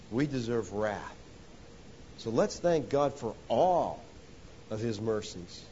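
A man preaching a sermon, rising to loud emphatic points and dropping to hushed lows, often calling listeners "folks.". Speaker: pastor. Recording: dull lo-fi sound with faint hiss.

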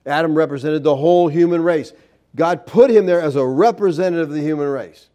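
A pastor delivers an emphatic sermon packed with rhetorical questions and scripture read aloud. His voice is a little high, mellow, and brisk.

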